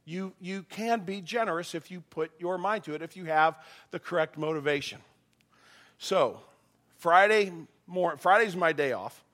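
Animated higher-voiced male pastor preaching. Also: moderate pace. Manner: animated, acts out quoted voices. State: voice a bit strained from yelling. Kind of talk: sermon.

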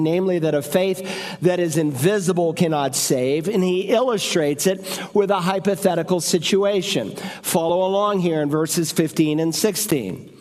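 A man's voice: high-pitched, a little mellow. A man preaching a sermon in a church, with sing-song emphasis, acting out short voices in his stories. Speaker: pastor. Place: church sanctuary. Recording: long reverb of a large church.

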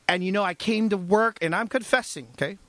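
A man preaching a sermon in a lively, conversational way, moving between scripture and personal story. His voice sits high for a man and rises and falls with emphasis. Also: brisk, no echo. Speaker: pastor.

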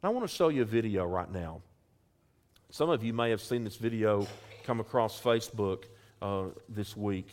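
A man's voice: fairly low pitch, expressive, moderate pace, a little mellow. Earnest man addressing a church gathering. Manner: earnest, with small restarts. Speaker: church program host. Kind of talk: addressing a congregation.

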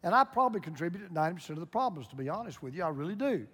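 A man's voice: sits high, sing-song, racing, a bit bright, husky. A pastor in his sixties gives a folksy, joking sermon to his congregation. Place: church sanctuary. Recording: church hall reverb.

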